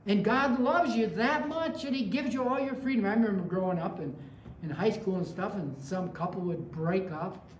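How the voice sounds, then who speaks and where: A woman's voice: mid-range voice, moderate pace, slight background noise. A woman pastor preaching a sermon in a conversational way, with anecdotes and rising emphasis. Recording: echoey room with faint ambience.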